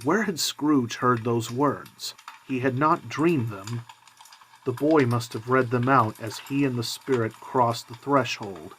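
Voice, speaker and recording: A man reading a classic novel aloud in a measured, calm way. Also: mid-range voice, slight background noise, low-quality recording. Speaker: reader.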